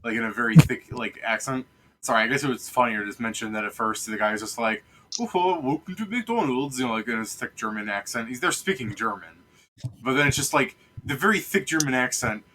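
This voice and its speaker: A man's voice: mid-range voice, brisk, background noise. A man chatting casually with friends during a tabletop game, telling a rambling story and swearing freely. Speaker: player and streamer.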